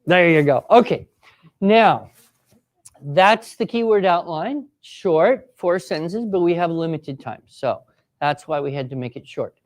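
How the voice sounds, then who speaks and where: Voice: mid-range voice, expressive, unhurried. A writing teacher leading a live classroom workshop, encouraging students and giving step-by-step directions. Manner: acts out sample voices for students.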